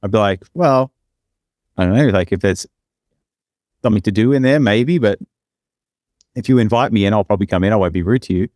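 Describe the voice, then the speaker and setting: A man's voice: brisk, pauses often, a little mellow, no echo, clean studio sound. A young man casually telling a long personal story on a podcast, rambling and acting out the people he quotes. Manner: rambling, acts out quoted lines with big pitch jumps. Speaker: podcast co-host.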